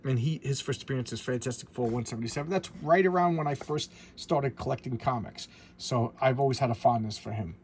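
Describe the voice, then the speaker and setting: A man's voice: medium pitch, a little fast, few pauses, darkish tone, a little hiss or hum. A middle-aged man chatting casually as a comic collector, rambling and often stammering and repeating words. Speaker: comic book collector vlogger. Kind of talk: casual chat.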